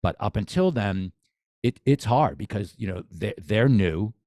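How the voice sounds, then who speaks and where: A man's voice: fairly low pitch, lively intonation, measured pace, dark tone, no room sound, studio quality. A man, a boxing coach talking as a podcast guest, eager and repetitive, restarting his sentences often. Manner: enthusiastic, repeats phrases, many restarts. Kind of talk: casual podcast conversation.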